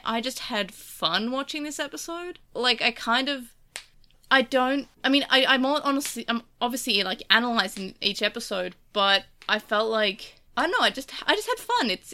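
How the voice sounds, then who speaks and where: A woman's voice: on the high side, sharp tone. An Australian woman co-hosting a casual chat, rambling with lots of stammered restarts. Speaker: podcast co-host.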